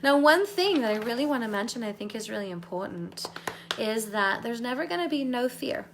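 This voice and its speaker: A woman's voice: on the high side, expressive, fairly quick, noisy background. A woman life coach talking viewers through a guided visualization and chatting with them live. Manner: bubbly, laughs often with viewers.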